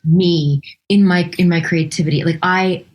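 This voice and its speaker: Woman guest composer, lowish voice, animated and chatty, lots of restarts. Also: normal speed. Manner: animated, chatty, laughs often, many restarts. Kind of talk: casual interview chat.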